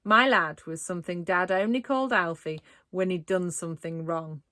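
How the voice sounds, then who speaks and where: A woman's voice: on the low side, normal speed, no room sound, clean studio sound. A woman narrating a children's storybook aloud with a dramatic, playful delivery. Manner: expressive, dramatic read-aloud with playful asides. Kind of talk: storybook reading.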